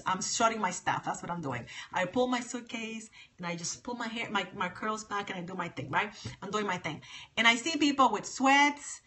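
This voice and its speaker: A livestream host chats casually with viewers on her phone, emphatic and sassy, going back over her points. Her voice is medium in pitch with a sharp tone.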